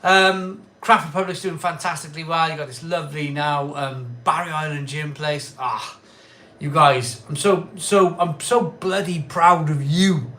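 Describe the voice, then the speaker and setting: Slightly tipsy after a pint or two, this middle-aged craft beer streamer chats casually and rambles, repeating himself and calling out loud, cheery greetings. He speaks a little slowly, in a slightly high voice with fairly even intonation.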